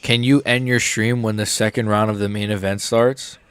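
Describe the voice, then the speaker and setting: A man's voice: on the low side, steady tone, moderate pace, fairly bright tone, smooth, dry recording. A young American man hosting a live stream, reacting to fights in a rambling, casual, jokey way.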